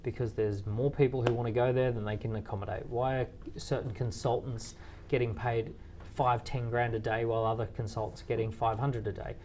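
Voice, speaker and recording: Chatty entrepreneur, restarts and fillers. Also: male voice, mid-range voice, little pitch movement, fairly quick, darkish tone, slight background noise. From Australia. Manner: storytelling with quoted dialogue, frequent fillers and restarts. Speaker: entrepreneur guest. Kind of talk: conversational interview answers.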